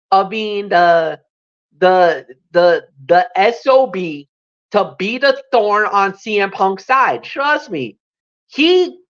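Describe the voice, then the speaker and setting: A woman co-hosting a talk podcast, chatting excitedly and often restarting her sentences. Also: fairly high pitch, highs cut off. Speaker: podcast co-host. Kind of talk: casual chat.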